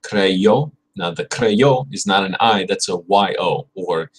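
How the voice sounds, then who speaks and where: A man's voice: sits low, slow pace, slightly rough. A young man on a casual livestream, repeating verb forms aloud and muttering asides as he studies. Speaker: channel host studying Spanish. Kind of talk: casual livestream study session.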